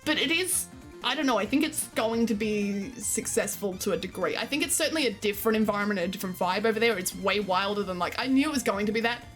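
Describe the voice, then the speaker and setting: Talking fast in a medium-pitched, somewhat bright voice, a Queensland streamer reads her live chat and answers it, giggling and chatting casually. Soft background music plays.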